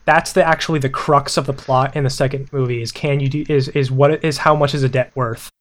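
A man's voice: medium pitch, fairly even intonation, a little fast. A young man casually chatting about movies, rambling with many restarts and fillers. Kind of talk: casual film chat.

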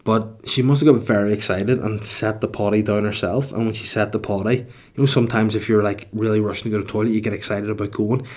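A man's voice: on the low side, fairly even intonation, fast talker, darkish tone. A young man with a Northern Irish accent, hosting a podcast and telling sweary, rambling comic stories in casual chat. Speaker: podcast host.

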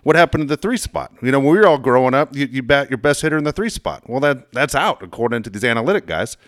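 Fast-talking man in a dry room. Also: mid-range voice, animated, no echo. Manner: rambling, self-correcting. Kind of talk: casual sports talk.

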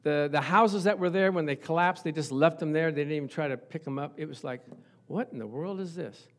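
Animated male preacher telling stories. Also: fairly high pitch, quick pace. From Italian family background. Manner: animated storytelling, acts out voices. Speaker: pastor. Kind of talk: sermon.

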